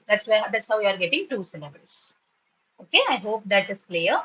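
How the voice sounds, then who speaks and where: A woman teaching spoken to school students in an online class, patiently repeating words slowly to model their pronunciation. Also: mid-range voice, big pitch swings, pushed and bright, low-quality recording.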